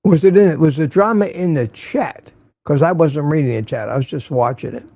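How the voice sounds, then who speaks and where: A man's voice: on the high side, normal speed, creaky, mellow, dry recording. An older man hosting a casual morning livestream, greeting viewers by name and making wry asides. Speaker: livestream host.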